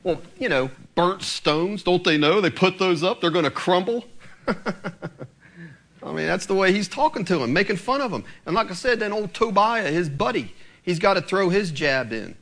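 A male pastor preaches with emphasis and animation. His voice sits a little high and swings widely in pitch. He talks straight to his listeners. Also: normal speed. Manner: animated, emphatic, addresses congregation directly. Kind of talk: sermon.

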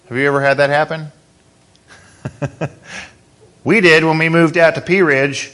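A man's voice: fairly high pitch, fairly even intonation, unhurried, long pauses, a bit bright. A man preaching a sermon as pastor, in a conversational way, asking the congregation questions.

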